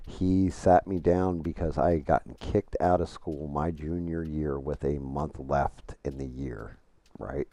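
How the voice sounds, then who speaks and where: A middle-aged man with an extremely low, dark voice, chatting on a live game stream. He swears often and tells long, rambling stories full of restarts. The sound is dry and close. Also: no room sound. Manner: profane, storytelling, rambling with restarts. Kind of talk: casual live-stream chat while gaming.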